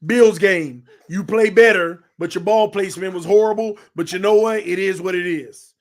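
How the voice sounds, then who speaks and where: A man hosting a fan sports channel, talking in loose, animated commentary that swings between shouting and laughing. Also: high voice, moderate pace. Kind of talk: casual fan commentary livestream.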